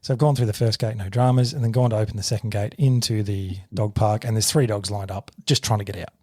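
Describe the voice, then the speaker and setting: Sweary Australian bloke telling a story. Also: male voice, lowish voice, fast talker, husky, no echo, studio quality. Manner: sweary, animated retelling with shouted quotes. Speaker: podcast co-host. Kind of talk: casual storytelling.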